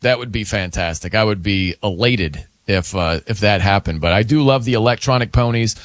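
A man's voice: fairly low pitch, fairly quick, no echo, studio quality. A man hosting a late-night radio show in a casual, jokey chat, often acting out the people in his stories. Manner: animated, jokey, puts on voices when retelling.

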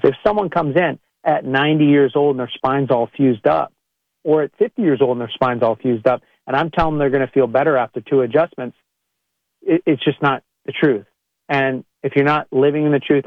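A man's voice: medium pitch, no echo, highs cut off. A man, a chiropractor, speaking to podcast listeners in a conversational monologue and acting out what people say. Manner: conversational, acts out quoted people in a raised voice.

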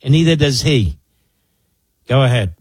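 A man's voice: medium pitch, animated, measured pace, darkish tone, slightly rough, no room sound. A man in his sixties from the Philadelphia area, hosting a political talk radio show in a sarcastic, combative way. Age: 60s.

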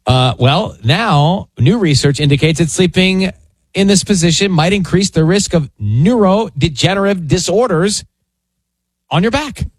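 A man's voice: high-pitched, expressive, normal speed, slightly rough, no echo. A man hosting a morning radio show, chatting playfully with his co-hosts and jumping between topics. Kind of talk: casual on-air banter. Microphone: studio microphone.

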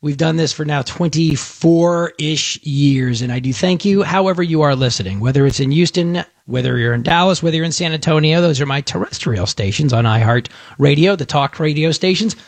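A man's voice: a little high, fairly quick, few pauses, dry recording. A man hosting a radio talk show from a studio, chatting in a joking, rambling way with fillers and restarts. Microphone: studio microphone.

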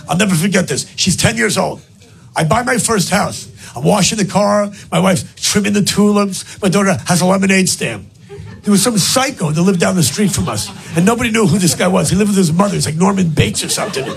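A man doing a brash stand-up comedy set, building to shouted punchlines in front of a live audience. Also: high-pitched, gravelly.

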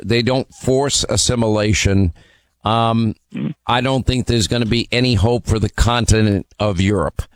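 A man's voice: lowish voice, no echo. A man hosting a call-in radio talk show. He speaks emphatically with strong opinions and many "uh" fillers. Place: radio studio.

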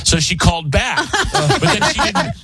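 A man hosting a casual chat, telling a story in an animated way and laughing often. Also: very high-pitched, a little slow, a crowd in the background. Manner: animated, laughs often, acts out quoted voices.

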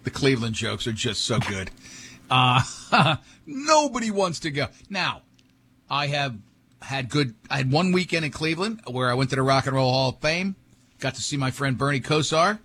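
Radio host, male, husky voice, rambling anecdotes in loose studio banter. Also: mid-range voice, expressive, moderate pace, pushed and bright. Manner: rambling storyteller, many restarts.

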